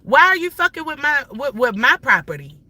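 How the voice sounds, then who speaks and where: Bright-voiced woman ranting profanely while driving. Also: high-pitched, sing-song, fairly quick, poor audio. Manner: profane, heated, rambling rant. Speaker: livestreamer. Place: inside a car while driving.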